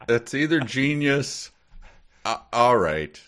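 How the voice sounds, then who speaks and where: Deep-voiced man, animated podcast banter. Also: unhurried. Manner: animated, laughing, breaks into joking snatches of song. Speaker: podcast co-host guessing. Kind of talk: casual podcast chat.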